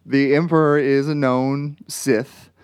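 A man's voice: mid-range voice, flat delivery, slow pace, smooth. A man in a casual chat, rambling and speculating with plenty of restarts.

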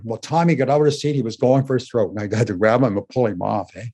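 An older man with a husky, breathy voice and a mellow tone tells his life story in an interview. He retells events animatedly and often tags his phrases with "eh?". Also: mid-range voice, fast. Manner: says "eh?" at ends of phrases. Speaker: guest telling his story. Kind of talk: emotional personal storytelling.

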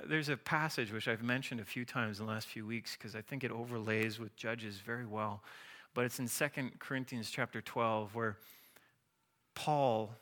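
A man preaching a sermon as a pastor, animated and acting out the voices of biblical figures. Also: mid-range voice.

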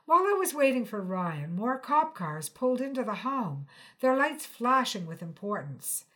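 A woman reading a short story aloud in a measured first-person narration. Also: a little high, sing-song, bright, forceful tone. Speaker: reader.

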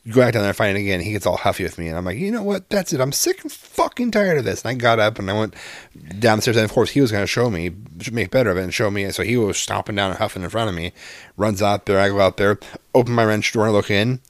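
Middle-aged man, low-pitched, dry close mic, animated storyteller with a foul mouth. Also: very fast, no echo. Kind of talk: casual storytelling.

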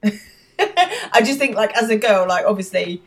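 A woman's voice: medium pitch, big pitch swings, measured pace. A woman co-hosting a podcast, chatting casually and laughing as she recaps a TV episode. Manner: chatty, laughing, many "like" fillers. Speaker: podcast co-host.

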